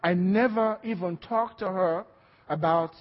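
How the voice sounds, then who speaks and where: A man preaching a sermon with passion, building up to shouts as he reads scripture. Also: high-pitched, unhurried, in a large hall, muffled recording. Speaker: pastor.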